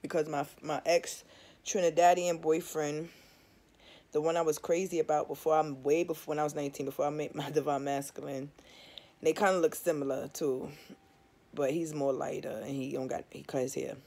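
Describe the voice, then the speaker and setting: A woman's voice: sits low, flat delivery, normal speed, warm tone. A young woman vlogging in a candid, emphatic, casual way, swearing freely and often checking in with her viewers. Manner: candid, emphatic, swears freely, keeps asking "you understand?". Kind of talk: casual confessional chat to viewers.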